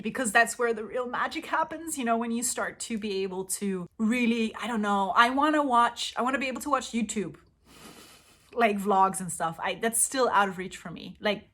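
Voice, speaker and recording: A woman's voice: mid-range voice, fairly bright tone. Young woman vlogging, accent somewhere between british and canadian, chatty and rambly, wanders off on tangents. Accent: mix of British and Canadian English. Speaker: language-learning vlogger. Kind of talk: casual chat.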